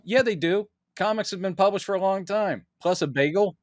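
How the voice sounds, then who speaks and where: A man's voice: high voice, a little fast, no echo, clean studio sound. A man co-hosting a podcast, talking casually and jokily about a film and acting out characters' lines. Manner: animated, jokey, acts out characters' lines. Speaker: podcast co-host. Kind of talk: casual movie breakdown chat.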